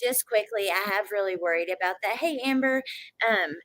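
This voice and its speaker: A woman's voice: medium pitch, moderate pace, low-quality recording. Chatty Southern woman streaming with a runny nose. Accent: Southern American. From Georgia, United States. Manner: chatty, animated, laughs often. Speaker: livestream host reading chat. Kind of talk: casual livestream chat.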